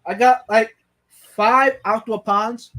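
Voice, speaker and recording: A man hosting a casual live stream, talking in halting starts and repeating words as he reads viewer comments. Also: high-pitched, steady tone, sharp tone.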